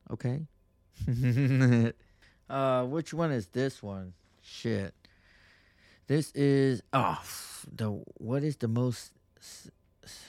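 A male podcast host rambles through stories in a loose monologue. His speech is crude and full of profane slang, and his pitch sits in the middle. The sound is dry and close, with little room echo. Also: a little mellow.

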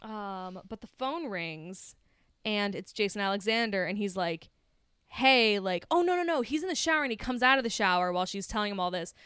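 Smooth-voiced woman recapping a movie. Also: medium pitch, brisk, dry recording, clean studio sound. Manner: animated retelling with quoted voices, swearing. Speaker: podcast co-host. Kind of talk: casual movie recap chat.

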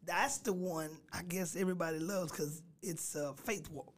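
Easygoing raspy pastor guy, laughs a lot, casual radio chat. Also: a little high, moderate pace. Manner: laid-back, laughs easily, sings snatches of his songs. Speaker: pastor and gospel singer.

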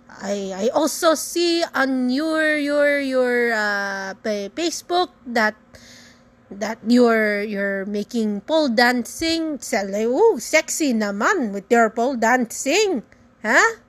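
Woman putting on older Filipino auntie, Filipino accent, high-pitched, scolding, rambling, repeats herself, pious. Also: a bit bright. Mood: nagging.

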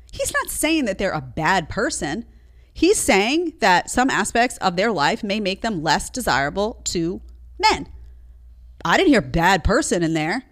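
A woman hosting a live opinion show, her pitch leaping up and down as she makes her points. She is emphatic and sarcastic and scolds her listeners. Her voice sits mid-range for a woman. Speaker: show host.

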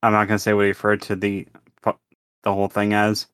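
A man's voice: on the low side, monotone, fast talker, fairly bright tone, clean tone, no echo, studio quality. A man co-hosting a gaming podcast, chiming in with short, laid-back remarks. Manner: brief, laid-back interjections. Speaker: podcast co-host. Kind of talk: casual chat.

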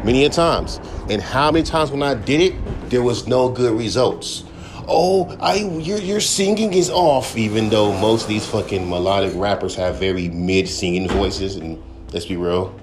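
A man's voice: lowish voice, fairly even intonation, moderate pace, noisy background. A young man and rapper hosting a podcast, ranting bluntly with constant swearing and mocking his critics. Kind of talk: profane casual rant. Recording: echoey room with faint music.

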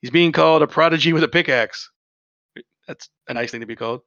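Man, podcast co-host, fairly high voice, excitable and profane, dull dry lo-fi mic. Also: quick pace, dry recording. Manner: enthusiastic, swears freely. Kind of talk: casual chat, reading show summaries.

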